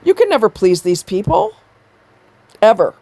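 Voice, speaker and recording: A woman's voice: mid-range voice, sing-song, normal speed, vocal fry, dark tone, dry recording. A woman giving a blunt, exasperated commentary on a video, swearing freely as she rants. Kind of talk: ranting commentary.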